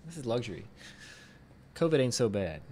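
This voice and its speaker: A man's voice: medium pitch, sing-song, moderate pace, mellow, a little hiss or hum. A man streaming a game from home, chatting casually, joking, swearing and laughing often. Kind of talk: casual live gaming stream chat. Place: home room.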